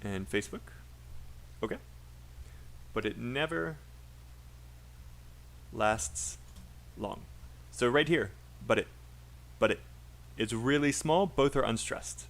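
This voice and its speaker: A man with a British accent leads a livestreamed pronunciation lesson, chatty and encouraging. He says sentences out loud, breaks them into short pieces and repeats each one so learners can follow the stress and rhythm. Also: mid-range voice, vocal fry. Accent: British English. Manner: drills phrases by repeating them slowly for learners. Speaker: English speaking teacher.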